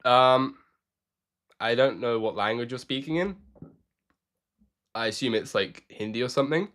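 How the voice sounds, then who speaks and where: A man's voice: medium pitch, moderate pace, long pauses, fairly bright tone. A young man chatting casually with his live-stream audience while playing chess, joking and answering questions.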